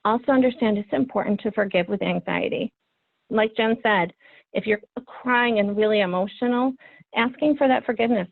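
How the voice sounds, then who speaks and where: A woman's voice: medium pitch, moderate pace, creaky, no echo. A woman in her thirties, a trainer presenting a webinar for parents, speaking in an earnest, encouraging way with frequent ums. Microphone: video call. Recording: phone-like webinar audio, dry.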